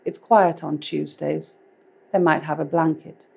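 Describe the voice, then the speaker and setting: A woman's voice: low-pitched, fairly even intonation, a little slow, gravelly, husky, full character voice. A woman reading fiction aloud, voicing a shaken adult woman who speaks bluntly in clipped lines. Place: public library.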